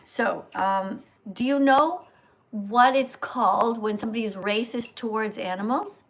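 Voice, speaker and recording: A woman's voice: fairly high pitch, fairly bright tone. Strict lecturing older woman teacher. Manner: strict, lecturing, corrects pronunciation slowly. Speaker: host, vegan teacher. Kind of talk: livestream reading lesson.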